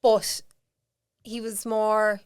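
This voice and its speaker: A woman's voice: mid-range voice, very slow, clear, resonant tone. Irish woman telling her story. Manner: animated, acts out quoted voices, laughs often. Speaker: podcast guest. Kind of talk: candid storytelling in casual chat.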